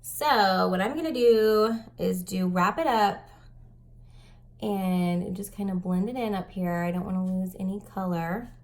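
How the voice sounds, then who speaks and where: A woman in her thirties chatting through a casual makeup tutorial, stuffy and breathing heavily, with self-mocking soft asides. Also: medium pitch, measured pace. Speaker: makeup vlogger.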